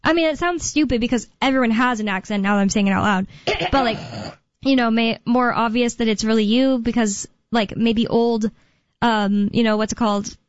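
A woman's voice: a little high, a little fast, dry recording, dull audio. Chatty, rambling young woman on talk radio. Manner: rambling, chatty, thinks aloud with fillers. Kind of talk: casual talk radio chat.

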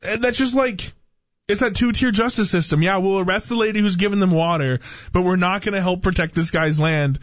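A young man with a slightly raised voice chats casually and tells his stories with animated quoted voices, leaning on dude and bro. The sound is dry and a little muffled. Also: sits high, fairly quick, dry recording. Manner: animated storyteller, says "dude" and "bro" a lot, acts out quotes. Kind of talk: casual podcast chat.

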